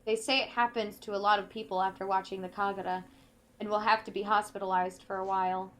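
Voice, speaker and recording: A woman playing a video game, reading in-game notes aloud slowly and carefully, breaking off now and then to comment. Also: mid-range voice, flat delivery, a bit bright. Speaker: let's play gamer.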